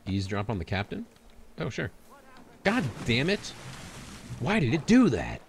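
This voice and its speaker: A man's voice: mid-range voice, wildly swooping pitch, a little slow, gravelly, a little hiss or hum. A man streaming a video game, chatting to himself in a goofy, joking way. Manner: goofy, self-talking, laughs at his own jokes. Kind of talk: casual gameplay commentary.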